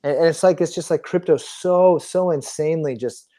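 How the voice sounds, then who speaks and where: A man co-hosting a podcast in casual talk, animated and incredulous. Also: a little high, normal speed, over a noisy crowd. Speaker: podcast co-host. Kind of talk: casual market discussion.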